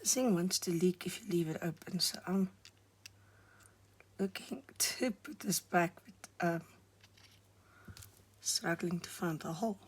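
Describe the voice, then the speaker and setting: A woman chats quietly through a crafting session, her low-ish voice husky and a little hoarse. She often trails into near-whispers as she concentrates on her hands. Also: a little slow, pauses often. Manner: soft-spoken, murmuring while working, frequent near-whispers. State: hoarse, recovering voice. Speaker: craft vlogger. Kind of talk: casual crafting commentary.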